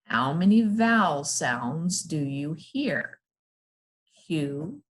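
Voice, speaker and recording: A patient woman teaching phonics to young children. She sounds out letters and syllables very slowly and clearly, with a slightly low voice. She praises the listener often and gives steady encouragement.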